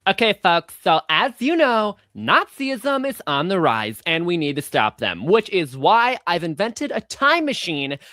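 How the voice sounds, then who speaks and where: A woman's voice: on the low side, a little slow, hardly any pauses, no echo, clean studio sound. A woman playing a smug, lecturing cartoon inventor. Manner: lecturing, excitable. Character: smug progressive time-machine inventor. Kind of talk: cartoon voice acting.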